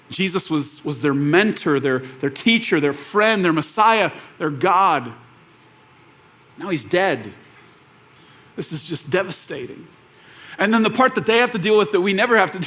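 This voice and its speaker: A man preaching an Easter sermon as pastor, telling the story in a way that moves from hushed to animated. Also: on the high side. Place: church auditorium.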